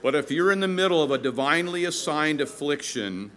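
A middle-aged man, a pastor, preaching a sermon with stories and ending in a soft, hushed prayer. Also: a little high, expressive, fairly quick.

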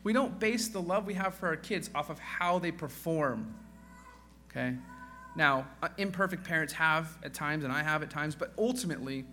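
Bright-voiced male pastor, conversational sermon. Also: fairly high pitch, moderate pace. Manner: conversational, acts out quoted voices; self-deprecating joking asides.

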